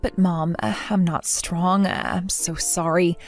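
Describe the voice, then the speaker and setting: A woman's voice: fairly low pitch, steady tone, measured pace, faint music behind. A woman voicing a jilted young bride who speaks earnestly and emotionally. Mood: tearful. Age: young adult. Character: jilted young bride, hurt then resolute. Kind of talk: narrated drama voice acting.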